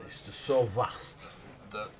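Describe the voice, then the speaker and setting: Northern English man, lowish voice, rambling livestream chat, loses his thread. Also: steady tone, slow, slight background noise. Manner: rambling, loses his train of thought, self-mocking. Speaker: stream host writing game lore.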